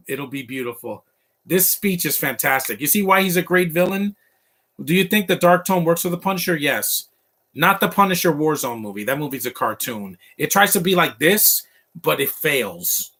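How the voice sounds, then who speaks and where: A man's voice: a little high, lively intonation, moderate pace, creaky, sharp tone. A man giving casual live commentary over a film, chatty and reacting as it plays. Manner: chatty, quotes film lines along.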